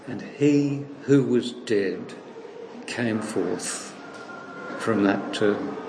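A man preaching a sermon, retelling a story in a lively way and acting out the voices he quotes. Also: fairly low pitch, echoey room, slight background noise, low-quality recording.

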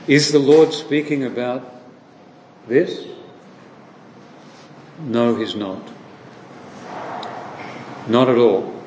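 Male preacher, mid-pitched, slow deliberate sermon delivery, recorded in a reverberant hall. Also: a little mellow. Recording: echoey hall with long reverb, faint noise.

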